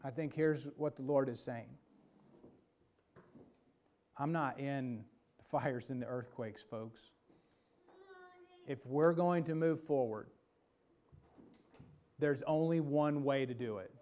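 A man preaching a sermon as pastor, swinging between emphatic calls and soft, hushed passages. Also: mid-range voice, slow, pauses often. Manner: preaching with rising emphasis, then dropping to a soft hush.

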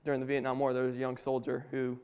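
A man's voice: medium pitch, monotone, fast talker, darkish tone, clear, resonant tone. A man preaching a sermon, reading scripture aloud and then explaining it in his own words with frequent restarts.

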